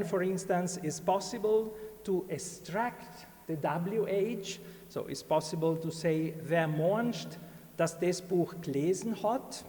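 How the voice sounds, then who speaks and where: A man lectures at an academic conference in a slightly high voice. He speaks very slowly, hesitating with fillers and restarts. The sound carries the long reverb of a large hall. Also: warm tone. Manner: halting, many fillers and restarts.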